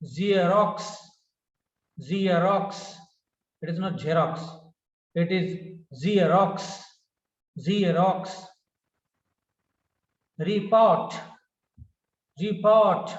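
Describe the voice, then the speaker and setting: Guy teaching pronunciation, higher voice, slow word by word drill, dull lo-fi echoey recording. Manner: repeats each word slowly, correcting common mistakes. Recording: roomy, distant, dull lo-fi sound.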